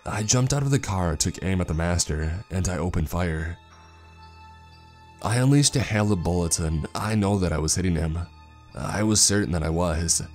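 Man, very deep voice, slow grave horror narration, faint music behind. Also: darkish tone. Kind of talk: scripted narration.

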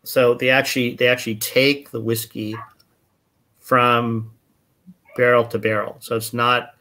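A man's voice: mid-range voice, unhurried. A man who imports whisky, talking casually on a video call and telling stories with plenty of fillers. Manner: relaxed storyteller, many fillers. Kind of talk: casual chat.

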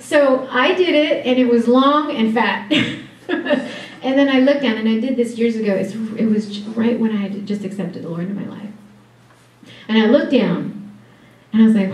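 A woman's voice: a little high, normal speed, a little mellow. Laughing woman in an echoey room. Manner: chatty and direct, laughing often, with playful asides to the audience. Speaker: ministry speaker at a conference. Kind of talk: conference talk. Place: conference room before an audience. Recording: echoey room, distant mic.

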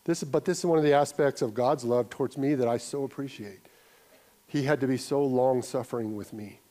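A man's voice: medium pitch, a little fast, warm tone. A male pastor giving a conversational sermon, telling an anecdote, often restarting and repeating words. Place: church sanctuary.

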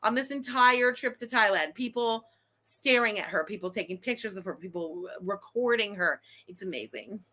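A woman's voice: mid-range voice, normal speed. A young adult woman hosting a casual livestream, reading super chats aloud and ranting with lots of swearing. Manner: profane, animated, ranting.

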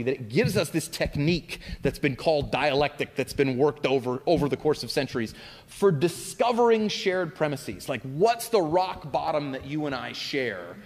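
A man answering audience questions as a guest philosopher at a public talk, speaking in an animated, expansive way with spirited emphasis. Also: fairly high pitch. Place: lecture hall at a college event. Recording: hall reverb.

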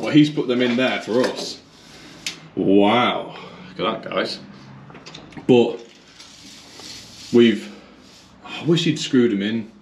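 Speaking slowly with long pauses in a medium-pitched voice, a male electrician explains his work to viewers casually while thinking out loud. He's in a garage that's being turned into a kitchen, and the room is echoey with some faint noise.

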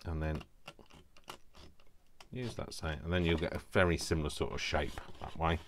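A man's voice: rumbling low, fairly even intonation, moderate pace, fairly bright tone, a little hiss or hum. A man with a Yorkshire accent chatting casually as he walks through a craft project, talking to himself and poking fun at his own work. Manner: chatty, self-deprecating, talks to himself while working. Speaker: craft video host.

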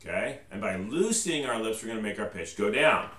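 Brisk and animated, with a voice on the low side, a male band instructor gives a patient trumpet lesson one step at a time, following each with "okay?" Faint noise, a distant mic, and roomy echo color the video recording.

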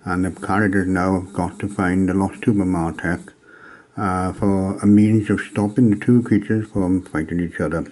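A man from Wales casually reviewing an old tabletop game module, pausing often with ums and uhs as he gathers his thoughts. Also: sits low, steady tone, darkish tone. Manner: hesitant, many ums and uhs.

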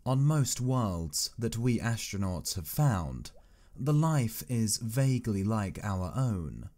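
Slow, expressive low-voiced male narrator. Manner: measured, expressive first-person storytelling. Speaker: audiobook reader. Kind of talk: unhurried science fiction audiobook narration.

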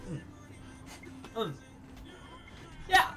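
A man's voice: mid-range voice, expressive, moderate pace, a bit bright, faint music behind. A man hosting a casual reaction video, talking to the screen, cheering on the people in it and laughing often.

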